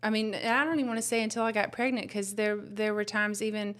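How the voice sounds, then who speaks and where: Smooth-voiced tender young woman. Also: medium pitch, little pitch movement, fast. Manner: soft, tender, rambling with fillers. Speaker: new mother, guest. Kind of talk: casual personal testimony.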